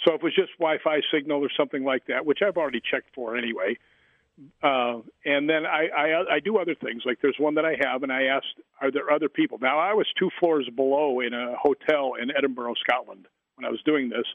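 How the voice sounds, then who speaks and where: A man's voice: mid-range voice, a little fast, no echo. A man who wrote a book on the paranormal, telling long rambling anecdotes as a guest in an interview. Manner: rambling anecdotes with many fillers and restarts. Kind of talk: storytelling in an interview. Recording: tinny phone line, dry.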